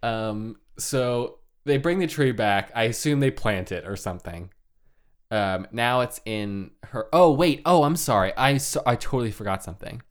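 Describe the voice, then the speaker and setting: A man's voice: medium pitch, animated, normal speed. A man casually retelling a folk tale, joking and laughing, with lots of "like". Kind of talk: casual chat.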